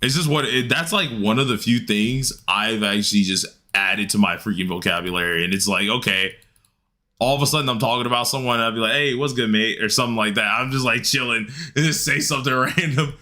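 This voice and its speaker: A man's voice: mid-range voice, fairly quick, bright, forceful tone. A man streaming a game, chatting casually with his chat in a laid-back, slangy way and laughing often. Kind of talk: casual livestream chat while gaming.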